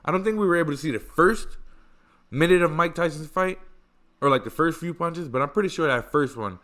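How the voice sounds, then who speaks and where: A man hosting a podcast, telling stories in a casual, animated way, swearing freely and stressing points through repetition. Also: fairly high pitch, fairly quick. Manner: animated, profane, emphatic repetition. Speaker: podcast host. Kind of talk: casual storytelling chat.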